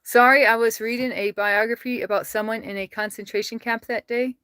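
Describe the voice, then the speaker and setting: Chatty American woman, bright voice. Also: fairly high pitch, fairly even intonation, fairly quick, clear, resonant tone, no room sound. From United States. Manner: chatty, laughs often, talks to her cats. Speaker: livestreamer. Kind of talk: casual livestream chat, reading viewer comments aloud. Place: at home.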